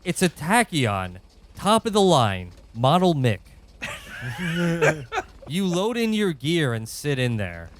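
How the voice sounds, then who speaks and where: A man narrating a comedic tabletop game as game master, in a deadpan way that keeps breaking into laughter. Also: on the high side, slow pace, pauses often, slight background noise.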